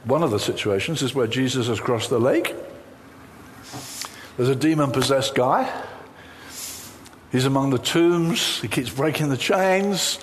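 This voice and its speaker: A man preaching a sermon in an animated, humorous way, acting out the lines he quotes. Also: medium pitch, unhurried, pauses often, big-room sound, a little hiss or hum.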